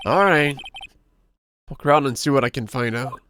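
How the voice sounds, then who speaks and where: A man streaming a game, reading the dialogue aloud in a relaxed, wry way. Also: medium pitch, moderate pace, long pauses, a little hiss or hum. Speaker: streamer playing a visual novel. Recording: game music underneath.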